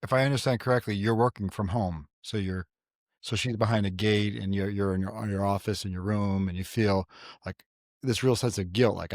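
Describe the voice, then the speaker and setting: A middle-aged man from New York hosting a casual faith podcast, telling stories in an animated way and often repeating himself. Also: fairly low pitch, brisk, dry recording, studio quality. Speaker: podcast host.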